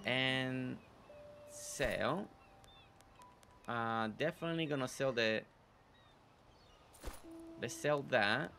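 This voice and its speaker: A man's voice: mid-range voice, very slow, pauses often, bright, forceful tone. A man with a slight non-native accent hosting a live gameplay stream, chatting upbeat with viewers as he plays. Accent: non-native English accent. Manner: upbeat, greets chat viewers by name. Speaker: gaming channel host. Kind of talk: casual live gameplay commentary. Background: faint game music.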